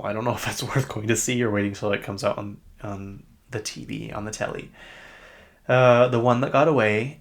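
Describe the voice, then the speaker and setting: A man's voice: fairly low pitch, vocal fry, fairly bright tone. A man with a Utah accent hosting a podcast, rambling through casual pop-culture chat. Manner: rambling and chatty, with frequent fillers. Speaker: podcast host.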